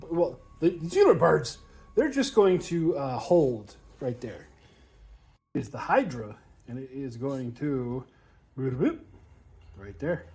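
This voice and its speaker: Slightly high and a touch mellow, the voice belongs to a man who plays tabletop wargames and hosts a channel. In this battle report he chats easily, reads off his dice counts aloud, and often breaks into laughter.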